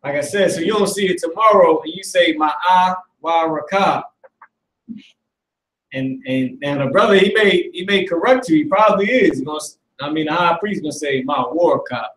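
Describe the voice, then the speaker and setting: A slightly high-voiced man leads a live language class in a loose, slangy way. He is picked up from some distance, in a roomy, echoing space with faint noise behind. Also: normal speed, fairly bright tone. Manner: loose and slangy, swears, laughs often. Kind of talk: casual live class teaching.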